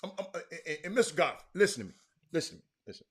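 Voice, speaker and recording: Sports talk host, bright high voice, swings from loud banter to mutters. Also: male voice, very fast. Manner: animated, reads viewer comments aloud, drops to a mutter. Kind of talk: casual live-stream sports chat.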